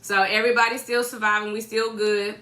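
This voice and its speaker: Bright-voiced woman hosting a livestream. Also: medium pitch, flat delivery, brisk. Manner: greets viewers by name, chatty and teasing. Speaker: co-host of a church livestream. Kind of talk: casual livestream chat. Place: home.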